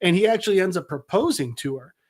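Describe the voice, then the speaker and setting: A man's voice: sits high, lively intonation, fast, breathy edge. A man hosting a podcast, recapping a comic in a casual, rambling way with lots of fillers. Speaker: podcast host.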